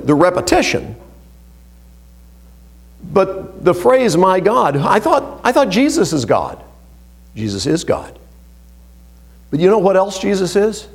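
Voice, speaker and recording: A man preaching a sermon in a fairly high voice whose pitch leaps and dips all the time. He reads scripture with emphasis and drops into hushed, low asides between stressed phrases. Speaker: pastor.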